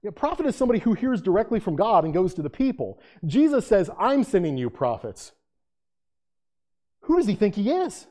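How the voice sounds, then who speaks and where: A male pastor preaches a dramatic sermon and keeps returning to rhetorical questions. His voice is mellow and warm, and it swings between hushed, low lines and loud, raised ones. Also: very animated, quick pace, few pauses. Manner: dramatic, repeated rhetorical questions, acts out quotes.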